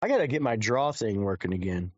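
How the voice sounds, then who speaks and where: A man's voice: on the low side, sing-song, fairly quick, no room sound. A man giving crude, rambling commentary on his live stream and swearing constantly. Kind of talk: profane off-the-cuff stream commentary. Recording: dull lo-fi dry sound.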